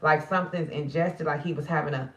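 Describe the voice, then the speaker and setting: A woman's voice: low-pitched, fairly even intonation, fast, roomy sound, far from the mic. A tired woman talking at night to her viewers in a casual, emotional vlog. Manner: tired, emotional, talks straight to viewers as sisters. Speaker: spiritual card reader and channel host.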